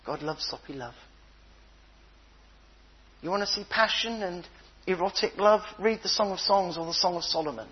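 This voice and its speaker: An older man preaching a sermon, telling stories with playful voices and a husky tone. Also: high-pitched, normal speed, pauses often, dull audio. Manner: animated storytelling with playful voices.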